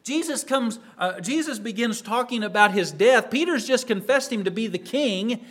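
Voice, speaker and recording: A man preaching a sermon, acting out a disciple's words and swinging from loud to near silence. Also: extremely high pitch, expressive, moderate pace, few pauses. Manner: acts out a disciple's words in quoted asides; rises in loudness and falls to near silence.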